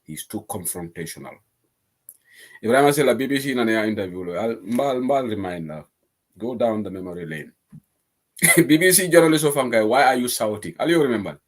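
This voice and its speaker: A man's voice: lowish voice, a little fast, pauses often. A man with a Gambian accent hosting an online current affairs show, reading out viewer comments and arguing his points. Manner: animated, reads out viewer comments and argues points. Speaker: host.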